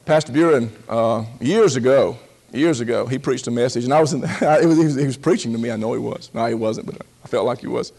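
A man preaching a sermon in a folksy, humorous way, slowing down on key words and acting out quotes in a raised voice, often laughing. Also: medium pitch, creaky, a little mellow. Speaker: pastor.

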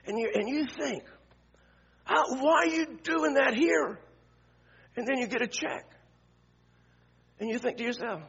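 An older man preaches in a high, gravelly voice that swings up and down a lot. He talks to his congregation in a conversational way, asking rhetorical questions and often restarting his sentences. The recording sounds dull and lo-fi. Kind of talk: sermon.

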